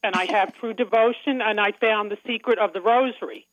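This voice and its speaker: A woman's voice: on the high side, fairly quick, no room sound. Chatty Long Island woman on the phone. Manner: chatty, laughs often. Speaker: caller. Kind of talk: casual phone call. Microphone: telephone. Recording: muffled phone line.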